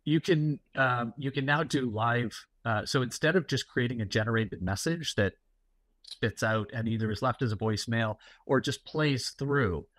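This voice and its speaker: A man's voice: mid-range voice, moderate pace, a bit bright, dry recording. A middle-aged man, a guest security executive, talking casually and explaining at length with many fillers and anecdotes. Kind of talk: casual interview talk.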